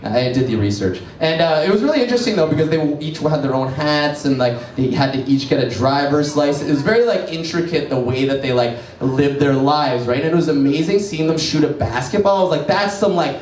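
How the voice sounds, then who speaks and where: A man's voice: on the high side, expressive, a little mellow, a little hiss or hum. Rambling man doing stand-up, echoey bar. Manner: quick, rambling storytelling full of "right?" and "you know". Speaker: stand-up comedian. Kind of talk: stand-up comedy set. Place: cafe bar comedy room. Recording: echoey bar room, camera from far off.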